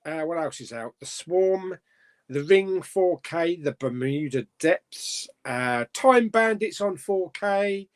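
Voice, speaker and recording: A man's voice: a little high, expressive, slow. A middle-aged man hosting a casual live stream, chatting about films and reading out viewer comments, rambling with fillers and chuckling often.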